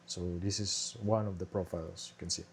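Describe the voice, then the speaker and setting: Planes from a nearby airport can be heard behind a young man who is casually screen-sharing his thesis research, full of fillers and restarts. His low voice is flat and brisk, with vocal fry.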